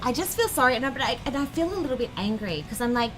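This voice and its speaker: Blunt high-voiced woman. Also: animated, very fast, music in the background, low-quality recording. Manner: blunt and profane, emphatic. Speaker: panel guest. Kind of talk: casual panel chat.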